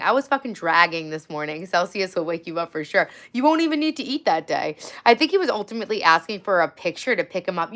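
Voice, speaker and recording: A woman in her forties hosting a long casual livestream, chatty and sarcastic, reading out viewer comments, a little hoarse from talking for hours. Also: mid-range voice, fairly bright tone. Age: 40s. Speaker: livestream host.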